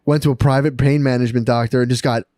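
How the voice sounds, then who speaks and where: A man tells a story on his podcast with a close, dry sound. He gets loud and excited, swears constantly, and acts out everyone he quotes. His pitch sits in a middle range. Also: fast talker, dry recording. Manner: excited, profane, laughing storyteller acting out quotes. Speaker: podcast co-host. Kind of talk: casual storytelling chat.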